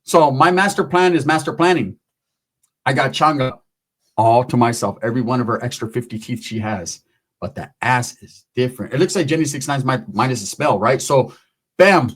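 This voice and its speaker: A man's voice: mid-range voice, normal speed, fairly bright tone. A man telling a long, profane, rambling story in casual talk, acting out the other people in it.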